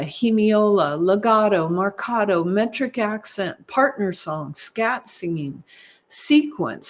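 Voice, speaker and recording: A woman in her fifties, a choral music clinician, giving a teaching session at a conference in an unhurried, explaining way. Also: mid-range voice.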